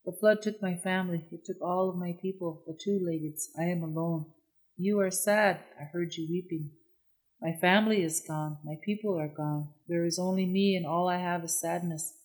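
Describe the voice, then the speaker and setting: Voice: mid-range voice, fairly even intonation, normal speed, close to an everyday voice, poor audio. A storyteller voicing a grief-stricken young woman, the last of her people, speaking plaintively in a storybook tale. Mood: grieving. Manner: sorrowful, plaintive. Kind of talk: storybook narration.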